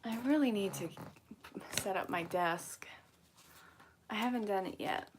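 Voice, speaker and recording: A woman's voice: mid-range voice, measured pace, noisy background. A woman from Vermont with an accent blending Vermont and New York, hosting a casual angel card reading and chatting with her viewers as she goes. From Vermont, USA. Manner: chatty, rambling, talks to viewers between cards. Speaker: angel card reader, host.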